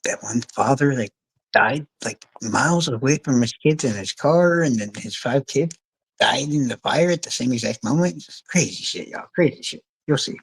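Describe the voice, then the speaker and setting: A man's voice: mid-range voice, animated, normal speed, creaky, slightly rough, poor audio. Rambling, cursing man getting worked up. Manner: rambling, profane, gets worked up. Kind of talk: casual livestream chat.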